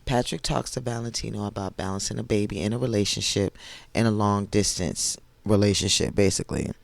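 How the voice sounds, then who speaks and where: A hoarse man with a low, gravelly voice recaps a reality show in casual, gushing commentary. He talks chattily and keeps adding side remarks. The recording is close and dry. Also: fairly quick, no echo. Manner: gushing, chatty storytelling with asides. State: hoarse, voice not fully recovered.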